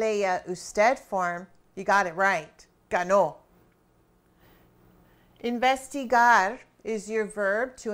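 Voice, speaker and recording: A woman walks students through a grammar drill in an unhurried, deliberate way, asking a question and then pausing to let them think. Her voice sits a little higher than most. She is encouraging and keeps checking in with them. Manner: encouraging, quizzing students with pauses and rhetorical questions. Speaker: Spanish teacher. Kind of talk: classroom grammar lesson.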